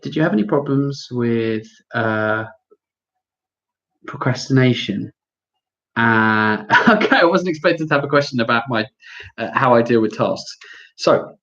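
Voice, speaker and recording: Man, English accent, lively and chatty, answers viewer questions live, slightly muffled stream sound. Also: medium pitch. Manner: lively, chatty, self-deprecating, reads questions aloud. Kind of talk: casual live Q&A.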